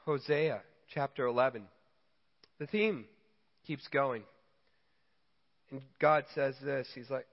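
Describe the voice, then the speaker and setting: A man preaching a sermon, telling stories and acting out quotes with lively emphasis. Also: medium pitch, takes it slowly, long pauses. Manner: storytelling, animated quoting. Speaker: pastor. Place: church hall. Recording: dull sound in a reverberant church hall.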